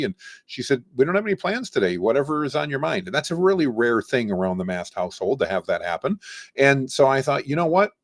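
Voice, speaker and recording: Man, interview guest, dry close sound, animated storyteller. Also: on the low side, dry recording. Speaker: guest, AI trainer.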